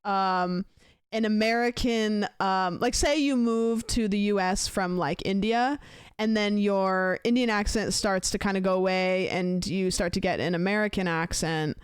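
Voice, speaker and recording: A woman's voice: medium pitch, steady tone, measured pace, clear, resonant tone, no echo, clean studio sound. A young woman streaming, telling a long story in casual chat and acting out both sides of a phone call. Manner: rambling storyteller, acts out both sides of a conversation.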